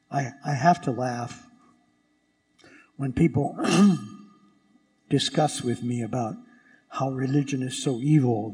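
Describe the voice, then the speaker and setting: A man who is a priest preaching a sermon in a church. He speaks emphatically, asking rhetorical questions and stressing words slowly. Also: medium pitch, warm tone. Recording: long church reverb.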